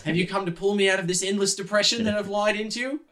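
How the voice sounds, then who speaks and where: A man's voice: sits high, fairly even intonation, fast talker, a bit bright, pitched above the performer's own voice. A man voicing an anxious, dramatic caravan leader in a tabletop game, fretful and melodramatic. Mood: mournful.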